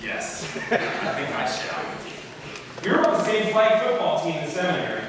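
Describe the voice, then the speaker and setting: A man's voice: high voice, very animated, moderate pace, noisy background. A middle-aged man giving a casual, joking talk as a guest chapel speaker, loose and full of fillers. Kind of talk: humorous storytelling talk. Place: large chapel hall. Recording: echoey chapel hall heard from far off.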